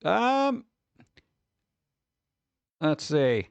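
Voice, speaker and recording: Stream host, male, a bit high-pitched, dry close mic, rambly and quick to grumble. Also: sing-song, vocal fry, clear, resonant tone, no room sound. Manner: rambling, exclaims and grumbles at tech trouble. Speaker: livestream host. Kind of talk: casual live-stream chat.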